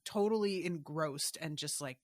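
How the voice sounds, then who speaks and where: A woman's voice: low-pitched, normal speed, a little mellow, no echo. A woman co-hosting a podcast, giving blunt, opinionated takes with casual swearing. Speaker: podcast co-host. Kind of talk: casual book-discussion podcast chat.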